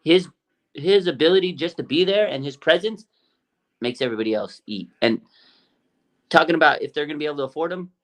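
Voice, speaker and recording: Animated man in casual sports talk. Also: fairly high pitch. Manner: animated, quick, opinionated, many fillers. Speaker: podcast co-host.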